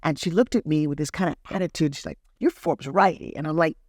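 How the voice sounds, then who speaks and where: A woman guest in an interview, telling a story with animated energy and acting out the other people's lines in lively voices. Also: sits low, fast talker, dry recording, clean studio sound. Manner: acts out quoted dialogue in lively voices. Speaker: guest entrepreneur.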